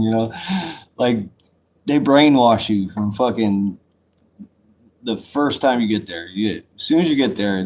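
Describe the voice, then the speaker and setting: A man's voice: lowish voice, a little mellow, slight background noise. A man telling a rambling, casual story, swearing freely and circling back on himself. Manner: rambling, profane, loose and conversational. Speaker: vlogger telling a life story.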